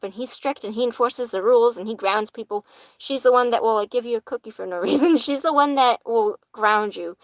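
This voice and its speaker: A woman's voice: mid-range voice, no room sound, poor audio. A woman giving casual live-stream tarot readings in a chatty manner, swearing casually and laughing easily. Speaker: tarot reader.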